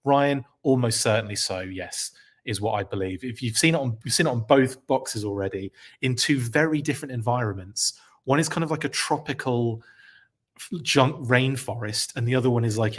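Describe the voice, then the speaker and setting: A man hosting a live podcast stream, reacting with enthusiasm, rambling and correcting himself as he reads out chat comments. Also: lowish voice.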